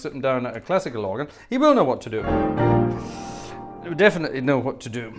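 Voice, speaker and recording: A man from Scotland, hosting an organ livestream, chatting casually and telling anecdotes while reading viewer comments. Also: mid-range voice.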